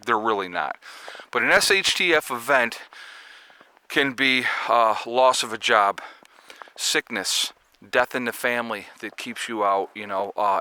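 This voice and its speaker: Prepping vlogger, male, casual and rambling, bright tone, recorded outdoors. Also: lowish voice. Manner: rambling, chatty, sarcastic asides. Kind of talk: casual chat to camera.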